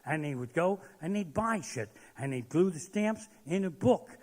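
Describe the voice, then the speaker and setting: A man's voice: a little high, expressive, moderate pace, a little mellow. A man doing a crude, swearing stand-up rant on a live theater stage. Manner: crude, swearing constantly, ranting. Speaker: stand-up comedian. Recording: long hall reverb.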